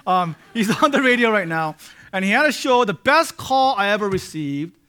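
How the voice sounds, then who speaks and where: High-voiced preacher with rising emphatic peaks. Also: male voice, very animated, moderate pace, clean tone. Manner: rises to loud emphatic peaks, conversational asides; frequent restarts and "right?" check-ins. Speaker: pastor. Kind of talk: sermon.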